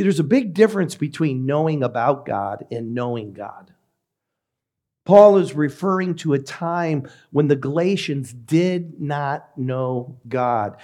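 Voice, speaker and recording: Measured, emphatic male preacher. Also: on the high side, warm tone. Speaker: pastor. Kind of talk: sermon.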